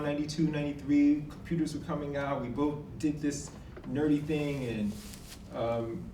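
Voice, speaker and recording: Man, forties, live storytelling, acts out quotes, mellow tone, roomy hall sound. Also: a little high, slight background noise. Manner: animated, acts out quoted dialogue with emphatic outbursts. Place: college event hall. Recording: echoey hall from far off.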